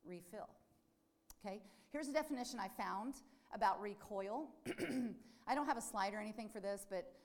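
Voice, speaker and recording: A nurse speaking to a group gives a devotional talk, animatedly telling a story and putting questions to her listeners. Her voice is mid-range, and she speaks at a normal speed.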